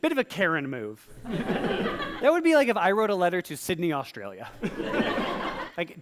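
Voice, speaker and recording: A man performing stand-up comedy in rhyme on a live stage, slipping into quick voiced asides. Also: fairly high pitch, very animated, background noise. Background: audience laughter.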